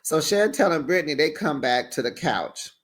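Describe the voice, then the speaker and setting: A man hosting a casual recap show, sassy and animated, often laughing and acting out what people said. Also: fairly high pitch, normal speed.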